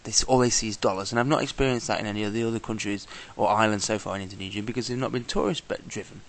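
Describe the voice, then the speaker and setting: A man's voice: lowish voice, fairly even intonation, racing, gravelly. A man talking casually in a travel vlog, exasperated and swearing, often imitating the people he met. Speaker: traveller vlogger.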